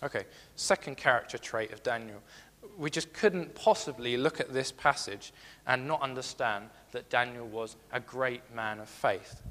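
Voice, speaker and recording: A man's voice: medium pitch, normal speed, few pauses, pushed and bright, long reverb tail. A man giving a sermon, earnest and repeating his key phrases as he reads scripture aloud. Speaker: preacher.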